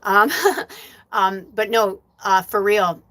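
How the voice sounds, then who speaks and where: Speaking slowly in a mid-range voice, with a little hiss or hum on the recording, a woman hosts her live show as a psychic medium. Her personal story comes out candid and lively, peppered with swearing in a casual livestream style.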